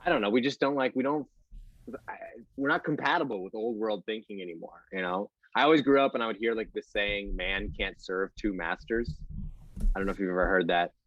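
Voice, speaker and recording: A man in his twenties doing a stand-up set with a deadpan, throwaway delivery. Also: lowish voice, quick pace, no room sound, dull audio. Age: 20s. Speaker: stand-up comedian.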